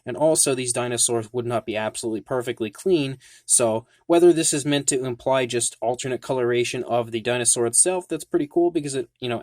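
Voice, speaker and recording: A man's voice: mid-range voice, a little mellow, no room sound, studio quality. A man hosting his own channel, giving an enthusiastic, detailed product review in a casual tone, often saying "like". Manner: enthusiastic, detailed, frequent "like" fillers. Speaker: toy reviewer, channel host.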